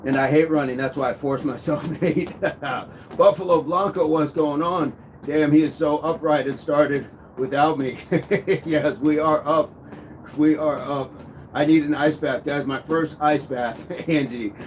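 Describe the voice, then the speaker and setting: Here a fitness livestream host in his thirties strolls on a walking pad, cheerfully chatting through viewer comments as he reads them out. He speaks a bit slowly in a higher-leaning voice with fairly even intonation. There's a faint hum of background noise.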